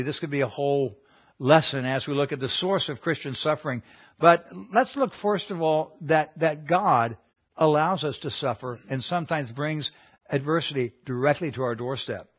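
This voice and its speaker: An earnest man leads a Bible class, talking through the lesson in a conversational way. His voice sits a little higher than most men's, and he often stumbles over repeated words before going on. The recording is dull and lo-fi, with little clarity in the highs. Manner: earnest, conversational teaching with frequent restarts.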